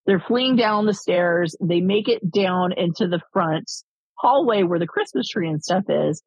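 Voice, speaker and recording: A woman's voice: fairly low pitch, expressive, measured pace, a little mellow, slightly rough, no echo, highs cut off. A woman co-hosting a casual film-review chat, rambling and swearing, with lots of fillers. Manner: rambling, profane, many fillers.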